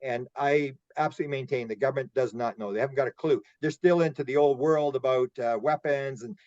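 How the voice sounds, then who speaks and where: A man's voice: medium pitch, fast, darkish tone, dry recording, dull audio. A man speaking as a guest in a casual roundtable discussion, rambling and repeating words as he tells his stories.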